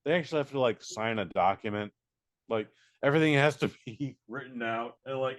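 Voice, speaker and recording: A man co-hosting a podcast, reviewing a film in casual chat, animated and profane, acting out quotes. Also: medium pitch, brisk.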